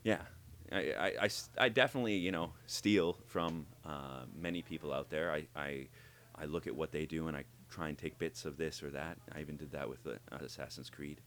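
A man who works as a voice actor, talking in an interview and explaining how he builds his characters, animated and demonstrating as he goes. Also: very deep voice, a little fast, a little hiss or hum. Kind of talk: interview conversation.

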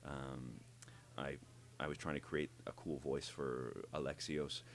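Male voice actor, very low voice, animated interview guest who acts out his examples. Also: unhurried, a little hiss or hum. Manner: animated, explains by demonstrating voices. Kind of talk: interview conversation.

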